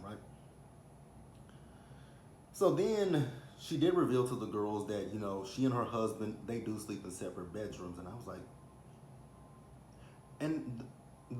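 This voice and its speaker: A man's voice: on the low side, slight background noise. A man in his thirties with a Texan accent, chatting casually as he recaps a reality TV episode and acts out what people said. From Texas. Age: 30s. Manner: chatty, animated, acts out quotes. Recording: roomy echo, faint ambience.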